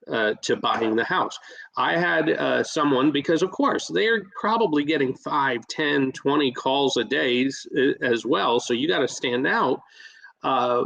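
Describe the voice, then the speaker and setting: A man who invests in real estate, talking as a podcast guest and coaching listeners in a lively way, with plenty of fillers and restarts. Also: mid-range voice, vocal fry, low-quality recording. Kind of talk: casual podcast storytelling.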